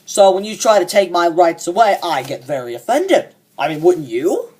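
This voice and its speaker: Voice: mid-range voice, big pitch swings, normal speed, a little mellow, slightly rough. A fan performer voicing a cocky young man who rants smugly and swears a lot about a coworker, in a comedic monologue. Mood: ranting. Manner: ranting, profane and smug.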